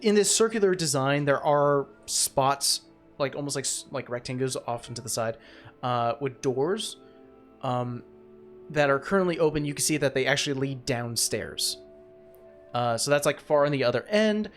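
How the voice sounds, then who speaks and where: A man's voice: mid-range voice, expressive, normal speed, soft background music. A man narrating as game master in a tabletop game, rambling with many fillers.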